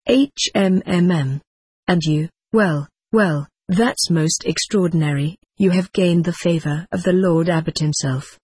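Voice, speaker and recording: A woman's voice: fairly low pitch, a little slow, darkish tone, husky, no room sound. A woman voicing a stern, pompous older male monk who bullies the boys in his charge, read in a plain storybook manner. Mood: oily. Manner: scolding, blustering, then falsely sweet.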